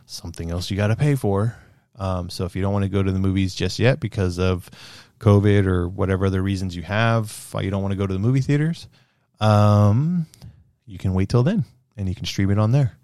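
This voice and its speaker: A young man with a deep, gravelly voice rambles through a casual movie review, animated, full of fillers and the odd swear word. The sound is close and dry, with no room around it. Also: a little fast, dry recording.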